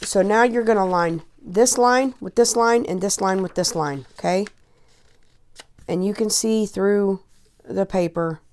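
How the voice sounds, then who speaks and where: A woman's voice: medium pitch, unhurried, a little mellow, a little hiss or hum. A woman in her forties giving a rambling, chatty sewing tutorial, often checking in with "okay?" and close to tears at times. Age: 40s. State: emotional, holding back tears. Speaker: crafting tutorial host. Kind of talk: casual how-to instruction.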